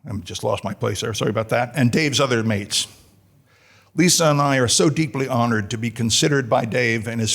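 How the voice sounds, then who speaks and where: A man's voice: mid-range voice, creaky, a bit bright. A middle-aged American man from New Jersey, introducing a colleague at a formal lecture with dry, self-deprecating humor. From United States, New Jersey. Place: lecture hall.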